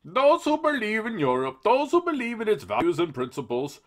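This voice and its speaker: A man doing a squeaky pompous politician. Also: huge pitch swings, normal speed, a bit bright, full character voice. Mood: mocking. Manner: squeaky, overblown, mocking delivery. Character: silly high-voiced pompous male European politician.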